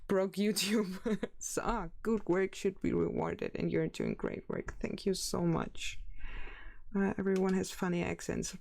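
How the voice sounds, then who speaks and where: A woman's voice: medium pitch, very animated, unhurried, vocal fry, darkish tone. A woman from Germany with a German accent, chatting casually with her livestream viewers and now and then searching for the right English word. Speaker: streamer.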